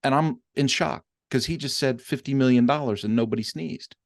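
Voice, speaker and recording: A middle-aged man hosting a podcast, telling stories in a casual, animated way with plenty of fillers. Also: medium pitch, moderate pace, creaky, no echo, clean studio sound. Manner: animated storyteller with many fillers. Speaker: podcast host. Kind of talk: casual interview chat.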